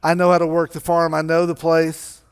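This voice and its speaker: A remorseful young son stumbles through an apology in a low, hushed, halting voice, as a preacher acts him out. He keeps restarting his words, softly and unsure. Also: completely flat delivery, clean tone, close to an everyday voice. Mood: sheepish.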